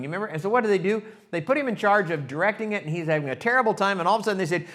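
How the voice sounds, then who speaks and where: Racing along with hardly any pauses, a male pastor with a voice on the high side tells an animated story in his sermon. He talks directly to his congregation and moves into hushed reflection.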